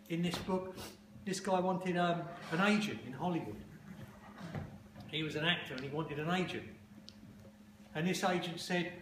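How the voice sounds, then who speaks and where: Speaking in a high voice, a man gives an informal talk and Q&A to a room of advertising students, telling stories bluntly and emphatically and swearing freely. Someone in the audience captured it on a phone, so the sound is distant, echoey and noisy.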